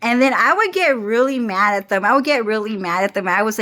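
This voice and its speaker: A woman's voice: fairly high pitch, animated, quick pace, bright, forceful tone. A young woman talking into her phone camera in a rambling vlog, swearing often, restarting and repeating her phrases, and breaking into laughs. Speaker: vlogger.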